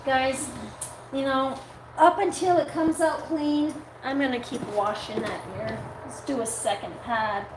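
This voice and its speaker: A woman's voice: high voice, steady tone, measured pace. Woman dog groomer, live-stream host, casual and cooing, device mic in a noisy, reverberant grooming room. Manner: chatty, coos at the dog between talking to viewers. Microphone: device mic, her own mic not set up. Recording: echoey room with background noise.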